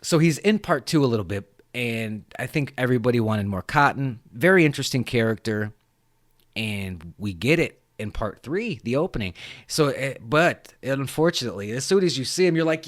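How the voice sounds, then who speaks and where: Give me a man who hosts a podcast, casually recapping a movie with profanity and lively pitch. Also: normal speed, dry recording, studio quality. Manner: animated, profane, rambling. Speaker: podcast host.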